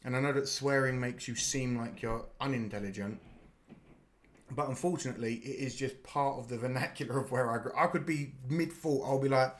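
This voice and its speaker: British guy on a live stream, casual chat, swears a lot, middle-pitched voice. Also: brisk. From United Kingdom. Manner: chatty, explains slang, swears casually.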